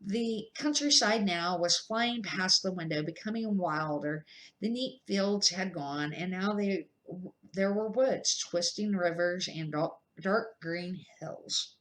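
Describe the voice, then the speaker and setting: A woman's voice: lowish voice, a bit bright, poor audio. An older woman reads a children's chapter book aloud for her grandchildren. She goes at an easy, careful pace and sometimes trips over a word and starts again. It sounds homey rather than polished. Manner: unhurried read-aloud with slips and restarts.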